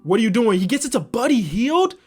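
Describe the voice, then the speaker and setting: A young man giving slangy commentary on a basketball video game, swinging from low muttering to loud excited yelling. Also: racing, breathy edge, soft background music. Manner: slangy, talks to himself about the game. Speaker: gaming YouTuber.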